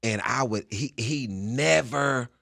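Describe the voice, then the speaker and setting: A man's voice: medium pitch, slow, gravelly, no room sound. A male comedian telling stories from his past as a guest in a studio interview, acting out the scenes. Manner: animated storyteller acting out scenes. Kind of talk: storytelling interview.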